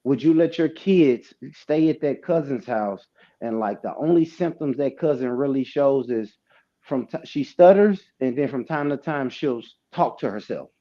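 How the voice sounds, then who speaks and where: An adult man hosting a casual livestream panel, telling stories in an animated way, laughing and swearing often. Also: mid-range voice, moderate pace, dull audio. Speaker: host.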